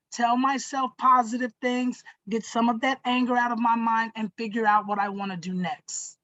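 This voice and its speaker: Gentle, encouraging woman teaching children. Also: on the high side, no room sound, low-quality recording. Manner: gentle, encouraging, checks in often with "right?" and "okay?". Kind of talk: classroom lesson for children.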